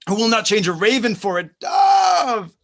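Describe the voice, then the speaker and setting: A man's voice: a little high, animated, slow, full character voice. Lysander, a man playing an ardent young lover. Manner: impassioned, swings between soft and loud. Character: young lovesick male nobleman. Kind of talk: Shakespeare stage reading over video call.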